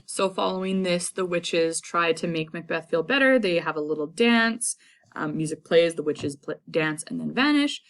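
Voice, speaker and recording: A woman's voice: on the low side, animated, moderate pace. A woman teaching a lesson in a chatty, casual way, retelling the story in everyday slang. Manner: chatty, paraphrases characters in slang.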